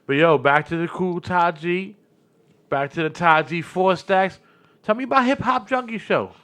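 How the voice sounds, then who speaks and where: A man in his thirties with a New York-area accent, hosting a podcast and telling stories in lively, slangy casual chat. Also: high voice, moderate pace. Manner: animated storytelling, slangy, repeats words. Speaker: podcast host.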